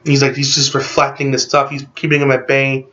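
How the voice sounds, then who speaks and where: A man casually recapping a movie in a rambling, excited way, packed with "like" fillers. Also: mid-range voice, brisk, muffled recording. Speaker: movie reviewer.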